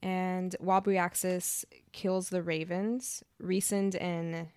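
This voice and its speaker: A woman's voice: on the low side, little pitch movement, slow pace, a little mellow, smooth, no room sound. A young woman co-hosting a casual book podcast, laid-back as she recaps the plot. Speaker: podcast co-host.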